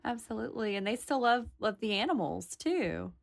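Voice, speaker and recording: Chatty woman podcast host, fairly high voice. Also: animated, moderate pace, creaky. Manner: chatty and enthusiastic about animals. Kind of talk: casual chat.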